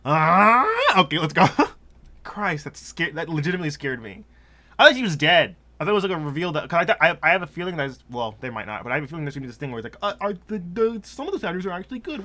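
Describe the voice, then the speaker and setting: A man's voice: fairly high pitch, big pitch swings, sharp tone. A man doing let's play commentary, rambling and joking as he plays and laughing often. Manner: rambling, jokey, quick to laugh. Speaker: gameplay commentator.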